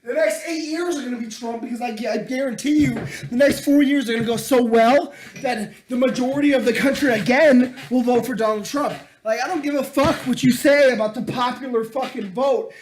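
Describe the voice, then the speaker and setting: Male podcast co-host, very high voice, loud profane ranter. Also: fairly quick, hardly any pauses, slight background noise, low-quality recording. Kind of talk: casual chat.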